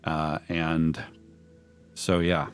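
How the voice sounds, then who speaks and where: A man narrating a horror tabletop game as game master, describing scenes in graphic, measured detail. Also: extremely low pitch, level tone, smooth, faint music behind.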